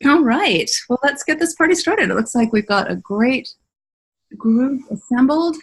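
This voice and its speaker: A woman's voice: sits high, lively intonation, unhurried, breathy edge, poor audio. An American woman hosting a casual webinar Q&A as a voiceover coach, chatty and laughing easily as she tells stories. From United States.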